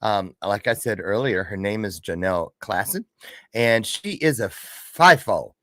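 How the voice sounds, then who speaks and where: A man runs his morning podcast as a chatty, playful monologue, full of puns and little side trips. His pitch rises and falls in lively swings. The sound is dry and close, with no room echo. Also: a little slow. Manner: playful, punning, chatty, jumps between asides. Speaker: podcast host. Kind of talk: casual morning show monologue. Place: Chicago area.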